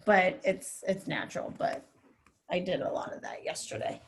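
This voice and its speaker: A woman's voice: on the low side, moderate pace. Chatty woman reporter giving candid advice. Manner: chatty, candid, frequent fillers. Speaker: TV news reporter as guest speaker. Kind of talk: casual advice talk to students.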